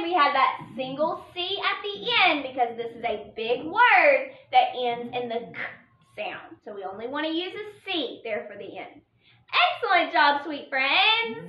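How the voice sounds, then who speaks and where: High, lively woman teaching phonics. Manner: sounds out syllables slowly, warmly encouraging praise. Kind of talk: online phonics lesson for children. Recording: roomy, dull lo-fi sound.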